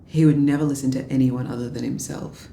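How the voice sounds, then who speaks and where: A woman's voice: extremely low pitch, steady tone, fast talker, vocal fry, warm tone, roomy sound, a little hiss or hum. An actress playing a drunk Australian political media adviser, bitter and sarcastic as she rambles through a story. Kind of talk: film drama dialogue.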